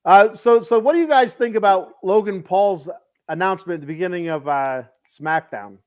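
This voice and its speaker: A high-pitched man hosts a loose, casual chat and rambles through viewer comments. His voice comes through muffled and lo-fi. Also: moderate pace, clear, resonant tone. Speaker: podcast host.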